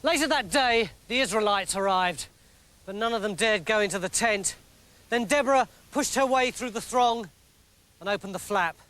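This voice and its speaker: English man with a high, lively voice. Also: normal speed. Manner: lively, mock-dramatic. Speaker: storyteller. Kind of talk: comic scripted narration.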